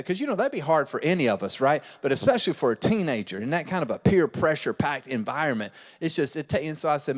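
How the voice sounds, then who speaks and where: A man's voice: a little high, very animated, fast talker, few pauses, in a large hall. A male pastor preaching a sermon, emphatic and given to repeating key phrases. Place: church auditorium.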